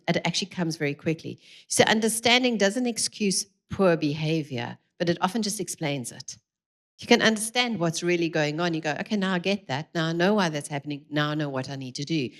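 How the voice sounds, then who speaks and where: Middle-aged woman, fairly low pitch, warm and animated speaker for a live parenting talk. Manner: lively, acts out quoted dialogue, laughs often. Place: church hall.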